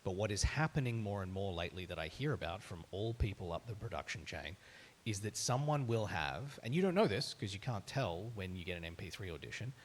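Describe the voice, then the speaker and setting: A man with an Australian accent, a voice actor speaking on a live panel and telling candid, self-deprecating stories about auditions. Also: on the low side.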